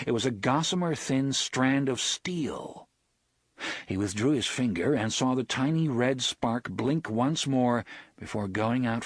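A man narrating a novel in a measured, expressive storytelling manner. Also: medium pitch, no room sound. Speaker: audiobook narrator. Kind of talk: scripted narration.

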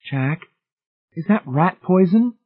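A man's voice: a little high, brisk, husky, voice pushed up. A man reading aloud, voicing an anxious young woman who pleads urgently. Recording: tinny phone-like band.

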